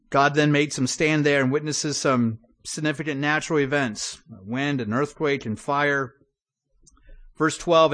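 A man's voice: fairly high pitch, measured pace, fairly bright tone. Man preaching in a conversational tone. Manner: conversational, with asides and restarts. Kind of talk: sermon.

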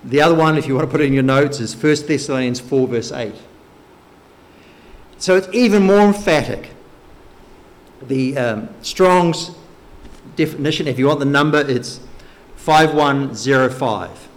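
A man preaching a sermon, teaching slowly and emphatically through Bible verses. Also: medium pitch. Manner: slow, emphatic Bible teaching with occasional light laughs.

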